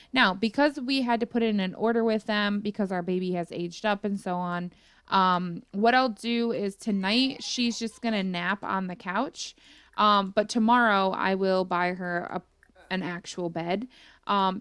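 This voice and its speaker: A woman's voice: mid-range voice, fairly bright tone, clear, resonant tone, no echo. A young woman chatting casually through her gameplay, rambling and full of fillers. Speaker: gaming YouTuber.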